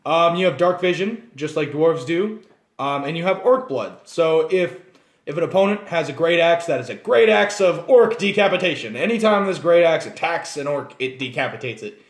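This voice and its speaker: A man with a fairly high voice explains tabletop game races in a loose, chatty way. He keeps drifting into little acted scenes. There is a roomy echo around him. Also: moderate pace. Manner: animated, digressive, acts out scenes. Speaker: channel host.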